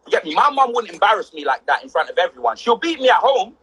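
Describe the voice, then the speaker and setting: A man's voice: high-pitched, sing-song, quick pace, a bit bright, breathy edge, poor audio. A young man, bantering on a livestream in heavy slang and exaggerating for laughs. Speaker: livestream co-host. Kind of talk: casual banter.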